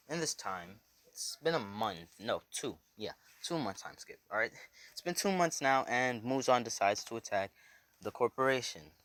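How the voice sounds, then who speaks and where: A man's voice: lowish voice, a bit bright, a little hiss or hum. A man casually telling a made-up fan story, rambling with fillers and swearing. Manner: rambling, loose, swears, lots of "so yeah".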